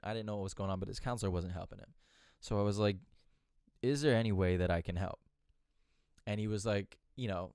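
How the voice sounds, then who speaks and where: A man's voice: fairly low pitch, darkish tone, clear, resonant tone, no echo, studio quality. A man hosting a podcast, telling a personal story in a candid, casual way, swearing freely and restarting his sentences. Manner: candid, profane, rambling with restarts. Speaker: podcast host.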